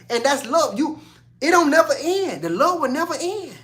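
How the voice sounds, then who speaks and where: Guy preaching a laid-back sermon, aave, kinda high voice, repeats himself a lot. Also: sing-song, fairly bright tone. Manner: conversational, repeats lines for emphasis, reads scripture slowly. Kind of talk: casual sermon.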